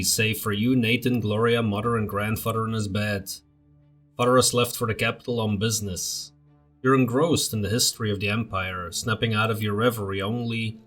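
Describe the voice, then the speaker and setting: A man's voice: on the low side, a bit bright. A man hosting a let's play, reading game text aloud dramatically with blunt casual asides.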